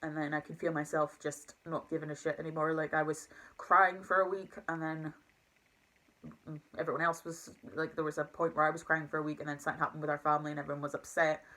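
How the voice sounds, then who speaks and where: Young woman vlogger, low bright voice, rushed confessional rambling. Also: flat delivery, low-quality recording. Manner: rambling, emotional, full of fillers and restarts. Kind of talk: casual confessional talk to camera.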